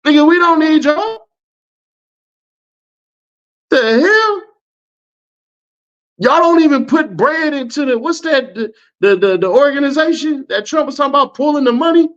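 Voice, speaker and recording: Animated, high-voiced man ranting. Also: measured pace, long pauses. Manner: animated slangy rant, laughs often. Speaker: online commentator. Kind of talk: reacting to viewer comments. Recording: dull lo-fi audio.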